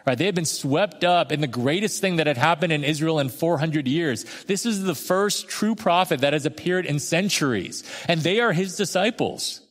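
A man preaching a sermon in a conversational way, acting out quoted voices and slowing down for emphasis. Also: fairly high pitch, animated. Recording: long hall reverb.

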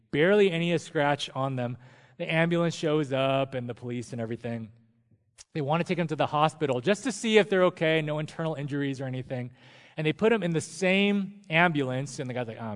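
A man preaching a sermon as a pastor, telling stories in a relaxed, conversational way. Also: on the high side. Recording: long reverb of a church hall.

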